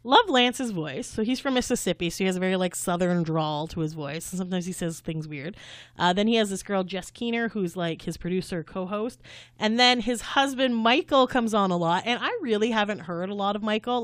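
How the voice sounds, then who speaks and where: Chatty woman co-host, middle pitch, rambles and giggles, dry sound. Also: brisk, dry recording. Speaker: podcast co-host. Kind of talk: casual chat.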